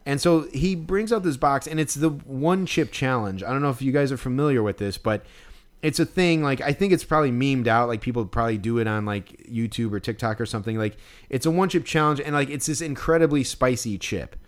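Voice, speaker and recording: A man's voice: medium pitch, brisk. A man telling a long story in casual chat, rambling and swearing freely as he goes.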